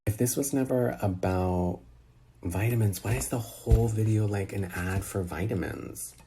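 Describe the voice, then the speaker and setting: A social media personality with a fairly low voice rants into a phone held close, speaking at a moderate pace with music in the background. He fires off exasperated rhetorical questions in a casual, incredulous tone.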